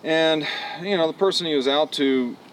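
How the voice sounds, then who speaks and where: A man working as a horse trainer, explaining in a relaxed, folksy way with many fillers, outdoors at a ranch pen. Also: a little high, normal speed. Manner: folksy, relaxed, lots of "you know" fillers. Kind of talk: casual explanation on a walk-around. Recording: distant outdoor mic, faint background noise.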